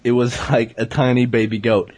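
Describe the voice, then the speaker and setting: A man hosting a casual comedy chat, rambling through deadpan tall tales with lots of hesitant fillers. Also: medium pitch, moderate pace. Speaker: podcast host.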